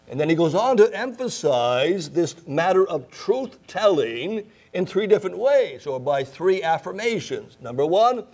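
A man's voice: a little high, expressive, normal speed, hardly any pauses, darkish tone. A man preaching a sermon, emphatic, repeating key phrases and asking rhetorical questions. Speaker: pastor.

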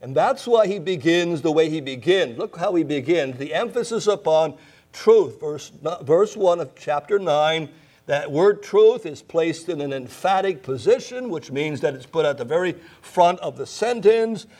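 A man's voice: fairly high pitch, expressive, measured pace, darkish tone. A man preaching a sermon, emphatic, repeating key phrases and asking rhetorical questions. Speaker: pastor.

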